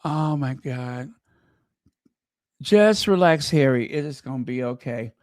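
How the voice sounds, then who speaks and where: A man hosting a live stream, gushing excitedly to his viewers. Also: mid-range voice, slow, no room sound, clean studio sound. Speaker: channel host.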